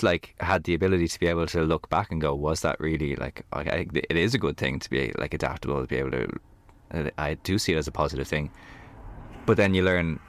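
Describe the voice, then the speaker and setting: A man, a podcast guest talking casually in a camper van, telling animated stories full of "like". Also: very deep voice, no room sound. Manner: animated storyteller, heavy on "like". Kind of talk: casual conversation.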